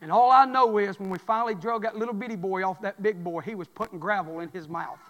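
A man preaching a sermon, telling folksy stories and swinging from loud cries to low murmurs. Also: quick pace, big-room sound, highs cut off.

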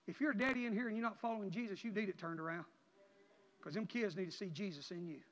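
Male preacher, high-pitched and impassioned, dull recording with long church reverb. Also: fast. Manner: impassioned, rising to near-shouts then dropping low. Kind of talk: emotional sermon testimony. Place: church sanctuary.

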